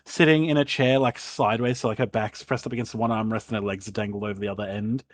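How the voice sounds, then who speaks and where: A man's voice: fairly low pitch, fairly even intonation, fast talker. A man narrating as game master, rambling with many fillers. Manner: rambling, full of fillers and laughs.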